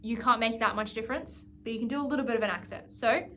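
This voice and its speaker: High-voiced woman teaching music practice. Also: rapid-fire. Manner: patient, counts and sings note names aloud. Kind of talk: guided practice lesson.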